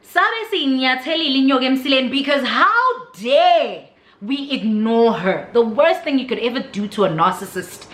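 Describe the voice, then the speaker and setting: A young woman with a South African accent telling a storytime vlog in an animated, dramatic way. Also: high voice, normal speed. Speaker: vlogger. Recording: roomy with faint noise.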